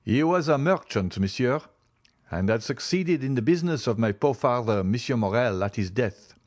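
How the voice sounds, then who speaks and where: A man's voice: medium pitch, animated, moderate pace, darkish tone, dry recording, close to an everyday voice. A man voicing a cheerful young man who proudly tells a guest about his family, in an eager storytelling way.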